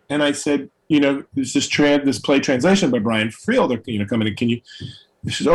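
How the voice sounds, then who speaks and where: A middle-aged actor from New York City tells stories from his career with relish, acting out the people he quotes. His voice sits at an ordinary middle pitch, and his delivery is loose and conversational. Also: a little fast, poor audio. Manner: animated storyteller, acts out quoted voices. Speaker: actor and guest. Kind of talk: storytelling in conversation.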